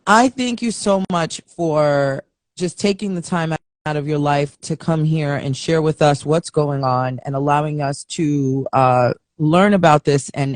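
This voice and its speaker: A woman hosting a live online interview, speaking supportively with halting restarts and fillers. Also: low-pitched, a little mellow, dry recording. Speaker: host of a live online show. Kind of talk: interview host talk.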